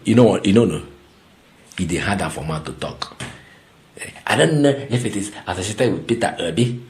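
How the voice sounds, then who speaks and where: A man's voice: deep voice, animated, a little fast, pushed and bright. A man with a Nigerian accent giving ranting political commentary, mocking and incredulous, slipping into Pidgin and repeating words for effect.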